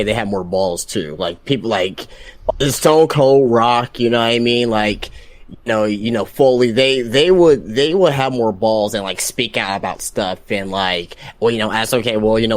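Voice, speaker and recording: Lower-voiced guest, rambly, lots of you know and right, dry sound. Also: male voice, normal speed, no echo. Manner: rambling, heavy fillers, asks for agreement. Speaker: podcast guest. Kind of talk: casual wrestling chat.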